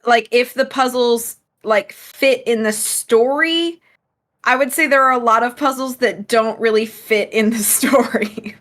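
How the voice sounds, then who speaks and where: A woman's voice: on the high side, measured pace, a bit bright. Chatty young woman streaming a game. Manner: chatty, easygoing, laughs between thoughts. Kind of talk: casual let's-play chat.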